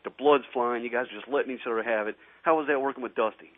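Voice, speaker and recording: Radio host on tinny, phone-like audio. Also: male voice, mid-range voice, fast talker, no room sound. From Northeastern US. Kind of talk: casual radio interview.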